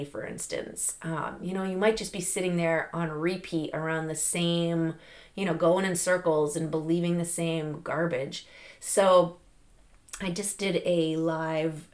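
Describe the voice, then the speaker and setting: A middle-aged woman hosting a podcast, giving an animated, chatty motivational talk with lots of fillers and laughs. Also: on the low side. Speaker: podcast host. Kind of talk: casual motivational monologue.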